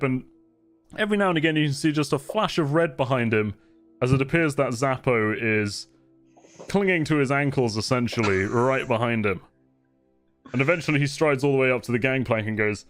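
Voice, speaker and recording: A man runs a tabletop fantasy game, narrating scenes at an easy, rambling pace. His mid-range voice moves with lively, animated inflection. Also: medium pitch, no echo. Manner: descriptive, relaxed, rambling. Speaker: game master.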